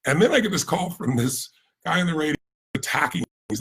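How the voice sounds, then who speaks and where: Husky fast-talking American man. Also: a little high. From United States. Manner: animated, emphatic, acts out quoted voices. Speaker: motivational speaker. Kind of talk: energetic storytelling speech.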